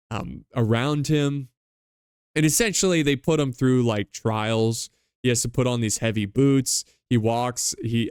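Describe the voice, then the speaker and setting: A man recaps a novel for his podcast listeners, and the talk wanders with plenty of fillers. His voice is smooth and clear at a mid pitch. The recording is dry and close-miked. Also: a little mellow, no echo. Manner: loose, rambling retelling with many fillers. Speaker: book club podcast host. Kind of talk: casual book recap.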